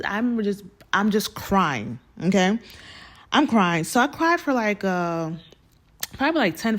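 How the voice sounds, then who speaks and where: Female host, personal storytelling, animated delivery. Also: medium pitch. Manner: animated, addresses listeners as y'all. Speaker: podcast host telling her story.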